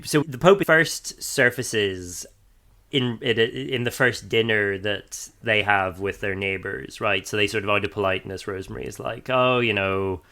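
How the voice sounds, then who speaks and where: A man's voice: lowish voice, moderate pace, sharp tone. An Irish man co-hosting a podcast, chatting loosely about a film, laughing often and restarting his sentences. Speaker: podcast co-host. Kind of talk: casual film discussion.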